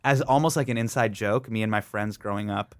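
A man in his thirties, a guest in a casual interview, telling animated stories and acting out the voices of people he quotes. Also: lowish voice, brisk, no echo, studio quality. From United States. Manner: animated storyteller who acts out quoted voices.

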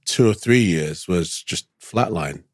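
A man with a London English accent, a guest telling relaxed anecdotes in an interview with slangy asides. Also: sits low, takes it slowly, no room sound, clean studio sound. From England. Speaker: actor guest. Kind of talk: casual interview storytelling.

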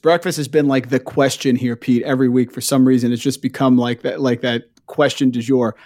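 A man's voice: mid-range voice, steady tone, a little fast, hardly any pauses, a little mellow. A man hosting a casual podcast chat, setting up topics and asking his guest questions. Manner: conversational, asks questions and sets up topics. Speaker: podcast host.

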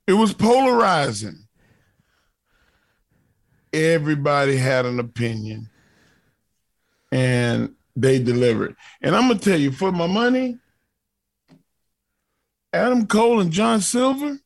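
A theatrical man who speaks slowly, his voice gravelly and swinging widely in pitch as he announces his picks on a wrestling talk show. The recording is close and dry, with no room echo. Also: lively intonation. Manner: dramatic, declaring winners with flourish. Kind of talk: casual podcast chat.

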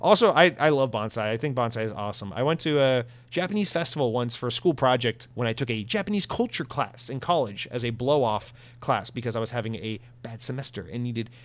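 A man hosting a casual comedic podcast, talking in a sarcastic, profane, animated way. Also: mid-range voice, a little fast, few pauses. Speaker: podcast host.

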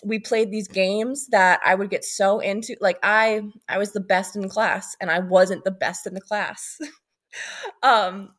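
A woman's voice: mid-range voice, fairly even intonation, a little slow, a bit bright. Chatty woman podcast host, swears freely. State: pregnant. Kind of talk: casual chat.

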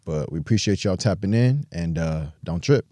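A young American man hosting a podcast in a relaxed, slangy casual chat. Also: low-pitched, normal speed, no room sound. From United States. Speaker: podcast host.

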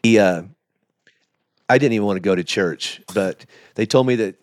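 A man's voice: fairly low pitch, normal speed, dry recording. A middle-aged man, a pastor being interviewed, telling his story in a candid, emotional, confessional way that halts at the hard moments. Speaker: pastor, podcast guest.

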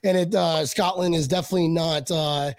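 A man's voice: on the high side, steady tone, a little fast, a crowd in the background. A man hosting a podcast in casual chat, rambling and joking with many restarts. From Buffalo, USA. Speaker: podcast host.

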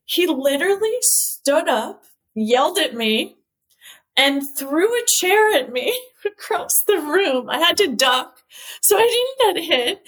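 A woman who is a company CEO and cosmetic chemist, telling stories as an interview guest in a lively way, laughing often and using lots of "like.". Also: high-pitched, takes it slowly. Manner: lively storyteller, laughs often, many "like" fillers. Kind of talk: casual chat, telling stories.

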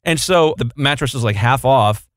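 A young adult man co-hosts a podcast and tells playful, jokey stories in a loose, casual chat. His voice sits at an ordinary middle pitch. It is recorded dry and close, with no room sound. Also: moderate pace, no room sound. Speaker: podcast co-host.

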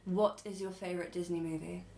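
A woman's voice: lowish voice, little pitch movement, a little fast, gravelly, a little mellow. A woman teacher co-hosting a podcast who speaks in an earnest way. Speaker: podcast co-host. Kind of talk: casual podcast chat. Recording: echoey room with faint music.

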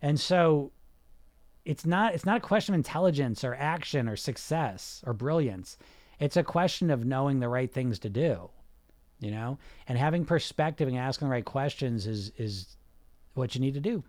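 A man's voice: medium pitch, lively intonation, moderate pace, a little mellow, dry recording. A man coaching a group on weight loss, blunt and emphatic, sometimes swearing, who keeps asking rhetorical questions.

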